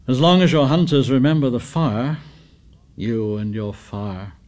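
An earnest boy leader who speaks plainly and pushes back with indignation, as a man voices him in an audiobook. His voice sits at a middle pitch. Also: measured pace, darkish tone, natural voice. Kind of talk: audiobook character reading.

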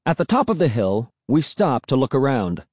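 A man reading a first-person story aloud, with an expressive, animated delivery. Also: mid-range voice, moderate pace, no room sound, clean studio sound. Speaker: audiobook narrator.

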